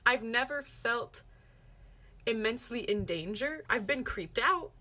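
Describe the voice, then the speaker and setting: Young female vlogger, higher voice, animated storyteller who quotes friends in quick bursts. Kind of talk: casual storytelling to camera.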